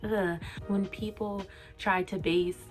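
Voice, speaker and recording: A young woman talks straight to her camera in a candid, confessional vlog. Her speech is articulate and clear, open and emotional, at an ordinary middle pitch. Faint music plays softly behind her. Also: a little slow. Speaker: vlogger.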